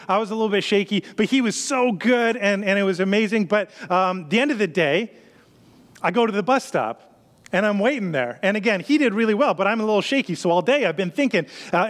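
A man in his thirties, a pastor, telling a personal story in a conversational sermon style and building tension with quick repeated phrases. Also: high-pitched, a bit bright. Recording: long hall reverb.

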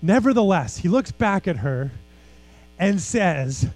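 A man's voice: medium pitch, normal speed, warm tone, no room sound, poor audio. A man preaching a sermon as pastor, earnest and emphatic, with casual conversational asides.

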